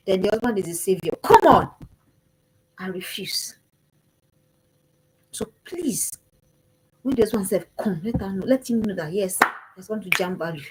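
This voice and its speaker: A woman's voice: on the high side, darkish tone, breathy edge, rough recording. A woman gives an impassioned motivational talk to parents. She speaks emphatically and repeats her calls to action.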